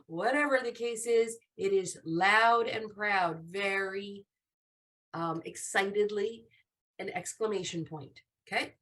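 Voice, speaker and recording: A woman teaching a live online class to young children, animated and encouraging. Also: mid-range voice, measured pace. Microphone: video call.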